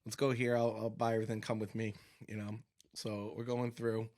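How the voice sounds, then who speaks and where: A man with a Massachusetts accent hosting a podcast, telling stories in a casual, animated way and laughing often. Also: lowish voice, brisk. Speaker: podcast host. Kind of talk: casual storytelling chat.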